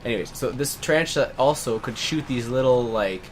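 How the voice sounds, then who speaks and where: Man, mid-pitched, rambling co-host over gameplay, swears, laughs a lot, faint hiss. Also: a little fast. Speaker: let's play co-host. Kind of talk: casual gameplay chat.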